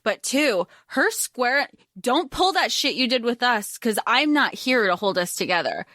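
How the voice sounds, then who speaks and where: A woman's voice: fairly high pitch, very animated, unhurried, sharp tone, no echo, clean studio sound. A young woman co-hosting a podcast, making wry, joking asides while recapping a movie. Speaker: podcast co-host. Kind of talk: casual chat recapping a movie.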